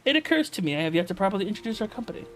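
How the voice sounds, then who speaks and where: A man's voice: high-pitched, big pitch swings, rapid-fire, a bit bright, low-quality recording. A man voicing a formal, dutiful soldier of a military order in a video game, reading in a stilted, read-aloud way. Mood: earnest.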